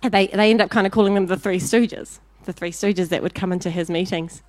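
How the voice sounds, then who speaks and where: A woman preaching a sermon, telling a story with lively acted-out voices before turning to direct exhortation. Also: fairly low pitch, fairly quick, no echo. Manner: animated storyteller, acting out voices in anecdotes.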